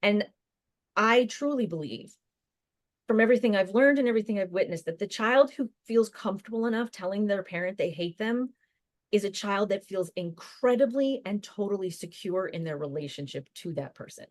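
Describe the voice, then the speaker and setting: A woman's voice: medium pitch, lively intonation, no echo. Dry-voiced woman counselor explaining. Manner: warm, explanatory, speaks in quick bursts with restarts. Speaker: licensed counselor, guest. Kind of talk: conversational podcast interview.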